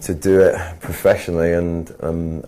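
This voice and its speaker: A man with an English accent speaks low and slow, his tone mellow and dark. He answers an interviewer's questions with a dry, measured, gently teasing manner, casual and unhurried. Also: level tone, a little hiss or hum. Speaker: actor being interviewed.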